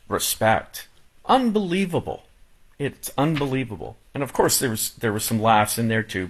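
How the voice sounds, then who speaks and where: Casting note: man, lowish voice, halting and heartfelt, talks with many restarts. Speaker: guest. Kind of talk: casual chat.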